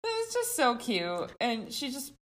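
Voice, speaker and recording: A woman with a fairly high voice speaks slowly as she co-hosts a podcast, recapping a show in casual chat. She's giggly and animated, laughing often and acting out quotes with little asides.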